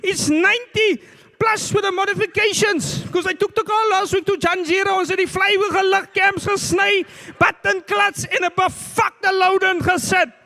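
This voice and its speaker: A man voicing an angry Cape Town driver shouting from his car, with an Afrikaans-mixed Cape Town accent. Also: very high-pitched, steady tone, vocal fry, voice pushed up, exaggerated voice. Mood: furious ranting. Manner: shouting, rapid-fire ranting. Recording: echoey live venue.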